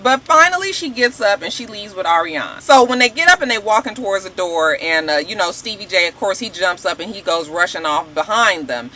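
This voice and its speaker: A woman vlogger recapping a reality show episode in a casual, animated, slangy way, talking straight to her viewers. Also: medium pitch, a little fast, hardly any pauses, slight background noise, rough recording. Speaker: YouTube show reviewer.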